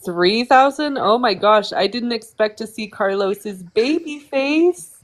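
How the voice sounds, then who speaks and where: A woman's voice: a little high, slow pace. Amazed woman in casual chat. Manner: excited, amazed.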